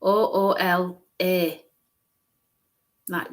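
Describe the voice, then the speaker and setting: A woman's voice: medium pitch, steady tone, normal speed, fairly bright tone. A woman medium giving a live-streamed psychic reading, musing aloud, hesitant, repeating sounds and letters.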